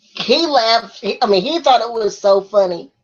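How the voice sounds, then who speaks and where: A woman's voice: on the high side, lively intonation, normal speed, dull audio. A woman vlogger answering viewer questions in a casual chat, often breaking into laughter.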